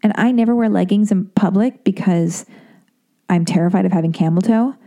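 A woman in her thirties speaks fairly quickly at a medium pitch. Her monologue is casual and rambling, animated, and broken by stutters and restarts as she gets worked up. She quotes others using acted voices.

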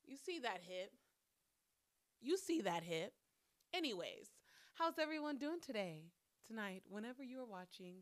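A woman's voice: on the high side, sing-song, moderate pace, pauses often. A woman hosting her own podcast alone, talking bluntly with plenty of swearing as she vents. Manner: blunt, profane, venting. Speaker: podcast host. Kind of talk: solo podcast chat. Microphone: camera mic.

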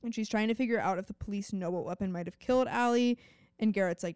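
A woman co-hosts a podcast and runs through a summary at a brisk clip, dropping wry asides as she goes. Her voice is smooth and clear. It sits dry and close to the mic. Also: mid-range voice, darkish tone, no room sound. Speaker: podcast co-host. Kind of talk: casual recap of a TV episode.

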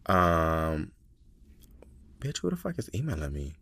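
A man hosting a podcast, chatting casually and reading listener letters in a sassy, profane, animated way, sounding tired. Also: deep voice, a little slow, gravelly, pauses often, no echo. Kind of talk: casual chat.

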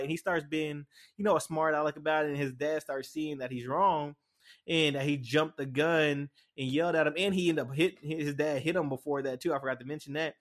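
This young solo podcast host has a slightly high, fairly bright voice with fairly even intonation, and he talks a little fast. He tells stories casually and rambles, using many fillers and starting over often.

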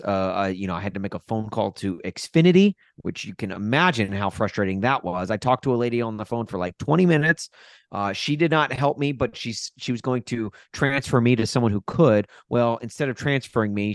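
A man co-hosting a sports podcast, telling stories in a rambling, exasperated, animated way. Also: lowish voice, no echo. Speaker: podcast co-host. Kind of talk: casual sports podcast chat.

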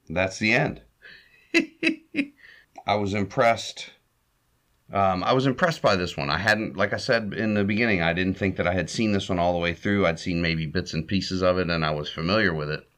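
A man hosting a podcast, casually retelling a comedy short with frequent chuckles and fillers. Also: deep voice. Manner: chuckles often, relaxed with fillers. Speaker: podcast host.

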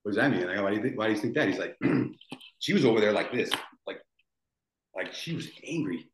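A man's voice: on the low side, animated, a little fast, a little hiss or hum. A man in his forties, a podcast guest telling a painful story in a rambling way, restarting and repeating his words. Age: 40s. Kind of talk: emotional storytelling. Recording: roomy echo.

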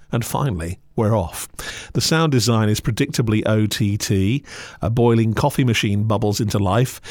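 A man's voice: lowish voice, a little mellow, dry recording. A man reviewing podcasts in a scripted, sardonic way, full of dry asides.

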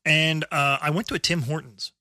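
A man's voice: on the high side, fairly even intonation, normal speed, bright, forceful tone, dry recording, studio quality. A man from New Jersey co-hosting a podcast, rambling and swearing, often repeating words as he talks. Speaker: podcast co-host. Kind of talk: casual chat.

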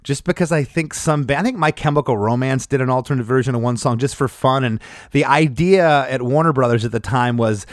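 A male podcast host talks shop about his old punk band in a loose, rambling way. His voice sits at an ordinary middle pitch, and the room is dry and close. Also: a little fast, dry recording. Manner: relaxed, rambling with restarts. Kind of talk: casual podcast chat.

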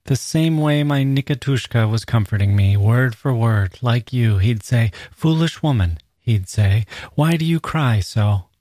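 A man's voice: medium pitch, animated, a little slow, hardly any pauses, dark tone, no room sound, clean studio sound. A man reading aloud as a grieving peasant mother, in a plain, slightly raised delivery. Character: grieving peasant mother, middle-aged woman.

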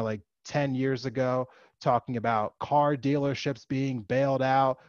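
A man's voice: mid-range voice, no room sound. Male commentator, passionate opinion monologue, filler-heavy, emphatic peaks, dull dry recording. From United States. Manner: impassioned, rising to emphatic outbursts; frequent fillers like "you know" and "like". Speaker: political commentator.

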